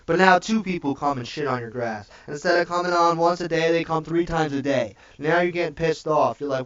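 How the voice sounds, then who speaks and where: A man's voice: a little high, brisk, hardly any pauses, a bit bright. A man giving a preachy, profane livestream rant, repeating "okay?" after each point. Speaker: livestream host. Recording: dull distant mic.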